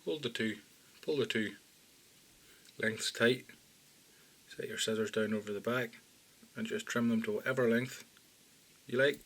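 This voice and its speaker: Calm man giving fly-tying steps. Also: measured pace, pauses often. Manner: calm, plain instructions, often low and quiet. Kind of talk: step-by-step tutorial narration.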